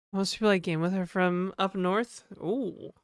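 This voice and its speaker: A woman's voice: mid-range voice, slow pace, no echo, clean studio sound. A woman from New Brunswick with a mild Canadian accent, chatting casually and jokingly with her live-stream viewers. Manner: chatty, joking, answers chat aloud.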